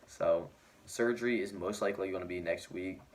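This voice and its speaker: A man's voice: low-pitched, normal speed. A teenage boy vlogging, telling his story in a rambling way with lots of "like" fillers, sounding injured and shaken. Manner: rambling, heavy use of "like" fillers. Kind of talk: casual storytelling to camera.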